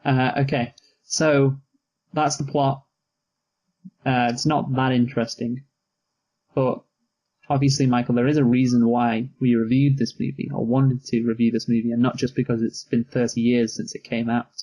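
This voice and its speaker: A young man with a relaxed, dry manner, steering a casual movie review chat. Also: medium pitch, moderate pace, poor audio. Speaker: co-host of a movie review show.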